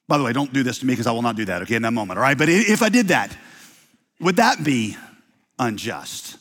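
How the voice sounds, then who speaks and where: A man preaching a sermon as pastor, emphatic, swinging from loud bursts to hushed low lines. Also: lively intonation, a little fast. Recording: long reverb of a large hall.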